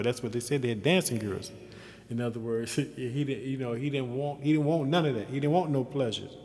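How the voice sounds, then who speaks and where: A man's voice: mid-range voice, a little mellow. A man giving an informal sermon, reading scripture aloud and then commenting on it in loose, folksy asides, with fervent emphasis. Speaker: Bible teacher. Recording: echoey room with long reverb.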